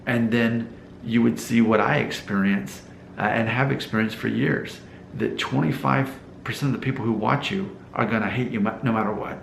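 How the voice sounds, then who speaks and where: A man's voice: mid-range voice, fairly even intonation, moderate pace, gravelly, reverberant, slight background noise, low-quality recording. A man from Alabama with a mild Southern accent, talking casually to camera in a rambling vlog and asking his viewers rhetorical questions. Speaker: hair loss YouTuber.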